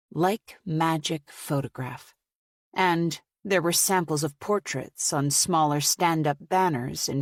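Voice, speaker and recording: A woman narrating a mystery audiobook in a measured, even storytelling manner. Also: low-pitched, dry recording, studio quality.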